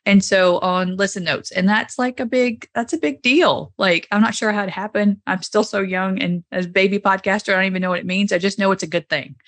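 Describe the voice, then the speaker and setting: A woman hosting a podcast, chatting casually and telling stories in an animated way. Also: medium pitch, fairly quick, few pauses. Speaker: podcast host. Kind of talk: casual chat.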